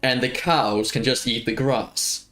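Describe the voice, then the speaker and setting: A man's voice: mid-range voice, steady tone, a little slow, a bit bright, faint music behind. Rambling, self-mocking male game streamer. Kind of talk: casual gameplay chat.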